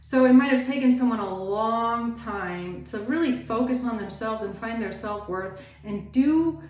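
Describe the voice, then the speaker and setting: A woman's voice: a little high, measured pace, a little mellow. A woman giving a casual tarot reading, rambling and chatty, with lots of "like" fillers. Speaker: tarot reader. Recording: roomy echo, faint background noise.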